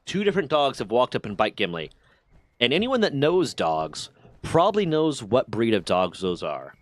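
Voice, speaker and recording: Man, livestream host; profane, animated storyteller; mid pitch, dry close mic. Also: normal speed, no echo. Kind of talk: casual storytelling to a stream chat.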